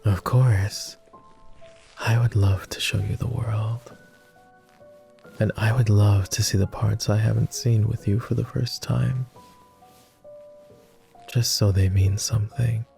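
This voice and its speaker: A man voicing a jaded, tender immortal vampire in a whispered role-play, with a posh British accent and a slow, gentle, teasing manner. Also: steady tone, soft background music. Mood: wistful. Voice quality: low, gravelly and soft.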